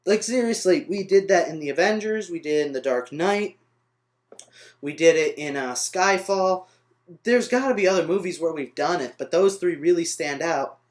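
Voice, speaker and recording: A man's voice: on the high side, lively intonation, moderate pace. A young man ranting in an unscripted vlog review, rambling off on tangents and correcting himself as he goes. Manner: rambling, trails off on tangents, frustrated. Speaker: vlogger reviewing a film. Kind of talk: off-the-cuff vlog rant.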